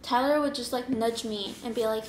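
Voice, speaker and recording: A young woman hosting an eating show, telling a rambling story in a casual, animated way, acting out what people said and laughing often. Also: fairly high pitch, normal speed, slight background noise. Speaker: mukbang host. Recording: roomy echoing room.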